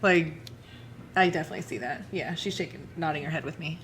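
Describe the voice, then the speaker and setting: A woman's voice: sits low, quick pace, a little hiss or hum. A young woman hosting a podcast in casual chat, frank and sweary, rambling with lots of filler words. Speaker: podcast host.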